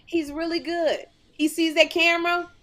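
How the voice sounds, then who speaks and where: Woman, middle-aged, talk show host, casual comedic chat, animated storytelling. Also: very high voice, normal speed, low-quality recording. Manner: animated storytelling, acts out quotes.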